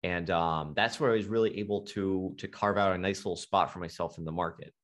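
A middle-aged man, a guest hypnotherapist, tells a story in an animated, emphatic way with frequent restarts. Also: low-pitched, a little fast. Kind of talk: storytelling in a conversation.

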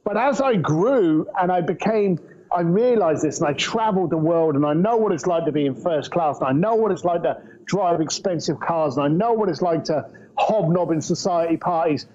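A middle-aged man from England, a guest entrepreneur telling anecdotes in an animated, storytelling way. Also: fairly high pitch, moderate pace. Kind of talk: casual storytelling interview. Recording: muffled lo-fi audio.

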